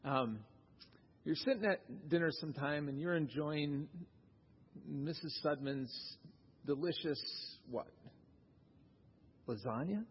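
Slow and frequently pausing, a pastor with a slightly rough, somewhat high voice preaches to his congregation. He talks conversationally and asks them questions, captured in a dull, reverberant sanctuary recording.

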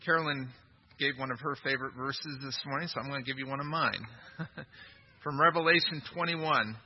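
Male pastor, sermon delivery, emphatic and questioning, breathy tone, dull lo-fi recording. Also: mid-range voice, moderate pace. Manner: emphatic, asks the congregation questions.

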